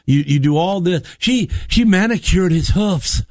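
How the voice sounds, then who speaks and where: A man tells a long, animated story on a talk radio show, slipping into the voices of the people he quotes. His voice sits slightly high for a man. The studio sound is dry and close. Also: a little slow, no room sound.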